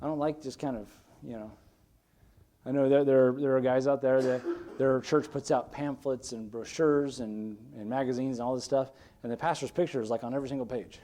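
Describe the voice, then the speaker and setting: A man's voice: medium pitch, steady tone, fairly quick, slight background noise. Earnest male pastor preaching a sermon. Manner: earnest and conversational, swinging from emphatic bursts to quiet asides. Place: church sanctuary.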